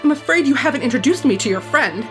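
A woman reading aloud and voicing a furious, strict stepmother who scolds with acid bite, pitched a little above her own voice. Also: animated, fairly quick, music in the background, lightly acted. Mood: seething.

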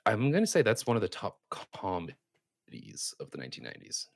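A man's voice: deep voice, huge pitch swings, brisk, creaky, dry recording, clean studio sound. A man co-hosting a comedy podcast, playful and joking, slipping into put-on British accents. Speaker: podcast co-host.

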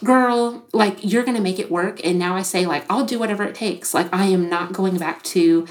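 Animated woman telling a story, lots of "like". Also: mid-range voice, normal speed. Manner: animated, frequent "like" fillers, acts out quoted speech. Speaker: podcast guest, business founder. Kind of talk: casual storytelling interview.

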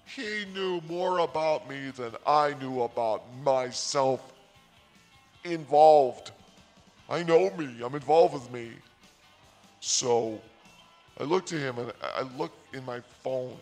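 A man telling a comic story in a deadpan, mock-naive, sarcastic way. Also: medium pitch, slow, soft background music. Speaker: podcaster. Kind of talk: comedic storytelling monologue.

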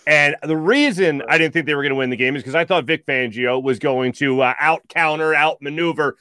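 A man's voice: fairly high pitch, brisk, bright, forceful tone, no echo, studio quality. A man hosting a casual sports podcast, giving emphatic game analysis. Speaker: podcast host.

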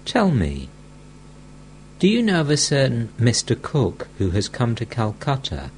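A man's voice: medium pitch, wildly swooping pitch, measured pace, darkish tone, slight background noise. A man reading the part of an elderly mystic teacher who scolds bluntly and speaks with affection.

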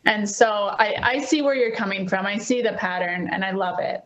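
A woman's voice: mid-range voice, normal speed, a bit bright, roomy sound, low-quality recording. A woman co-hosting a casual chat, reflecting the guest's words back to her.

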